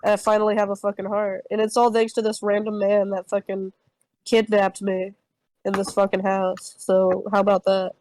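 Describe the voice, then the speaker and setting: A woman's voice: medium pitch, completely flat delivery, normal speed, a little mellow, no room sound, low-quality recording. A young woman telling an improvised comic campfire story on a podcast, rambling with heavy swearing and many fillers. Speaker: podcast co-host.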